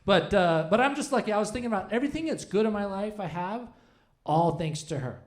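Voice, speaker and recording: Rambling stand-up comic with lively pitch. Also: male voice, fairly quick. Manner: rambling, self-deprecating, many restarts. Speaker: stand-up comedian. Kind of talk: stand-up comedy set. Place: comedy club stage.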